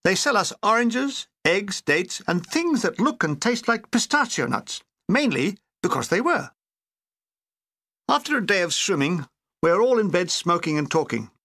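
Brief: older male author-narrator, bright lively voice, dry comic timing, close dry recording. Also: sits high, moderate pace, dry recording. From Britain. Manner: comic, dry, animated delivery. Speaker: author reading his own memoir. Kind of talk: audiobook narration with character voices.

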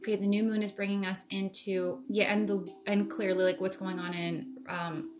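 A woman's voice: medium pitch, level tone, moderate pace. A woman in casual live-stream chat from home on a phone, upbeat and chatty, greeting viewers and swearing casually. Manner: greets viewers warmly, fillers like um. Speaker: spiritual wellness live-streamer.

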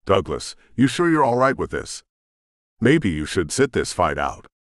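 A stern, commanding woman, read by a man in his own deep voice. She gives clipped, no-nonsense orders. The sound is dry and close. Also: big pitch swings, unhurried, dry recording. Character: stern commanding woman demon-hunt leader.

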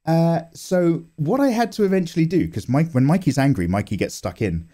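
A young man chatting casually on his art channel as he draws, animated and self-mocking, swearing and laughing as he goes, recorded on a condenser microphone at home. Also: fairly high pitch, fairly quick. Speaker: art YouTuber. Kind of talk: casual chat while drawing.

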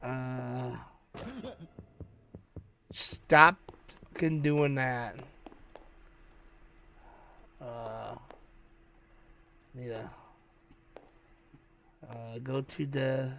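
A man's voice: mid-range voice, fairly even intonation, extremely slow, creaky, pauses often, bright, forceful tone, slight background noise. A man hosting a gaming channel, giving hyped, slangy, joking commentary while he plays a horror game. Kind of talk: let's-play commentary.

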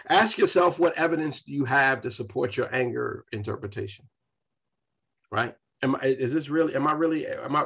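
A man's voice: mid-range voice, a bit bright, husky, muffled recording. A pastor leading a Bible study, preaching in a repetitive style straight to his congregation. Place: church.

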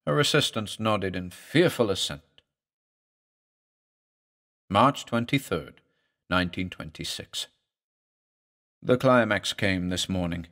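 A man's voice: fairly low pitch, a bit bright. A man narrating a horror story as a doctor's journal, reading in a grave, dramatic manner.

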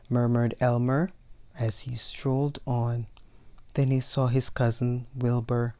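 A woman reading a picture book aloud as a storyteller, in a slow, expressive, gentle way. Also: extremely low pitch. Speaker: storyteller, channel host.

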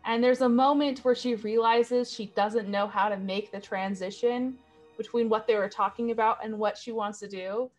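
A woman's voice: fairly high pitch, steady tone, normal speed, soft background music. A woman playing a tabletop game, dry and matter-of-fact in manner. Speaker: player.

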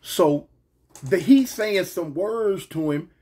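Husky-voiced man telling a street story. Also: high voice, slow pace. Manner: animated, slangy, repeats "you know what I'm saying". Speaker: vlogger telling a personal story. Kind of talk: casual storytelling to viewers.

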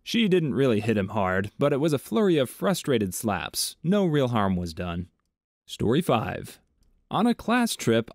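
A man reading online stories aloud in a measured, even tone, adding his own commentary between them. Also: on the low side, no room sound, clean studio sound. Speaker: story narrator.

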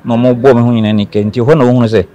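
A man's voice: medium pitch, fairly even intonation, rapid-fire, dark tone. A man from Ghana, a guest in an interview, earnestly telling his own story and repeating key phrases for emphasis.

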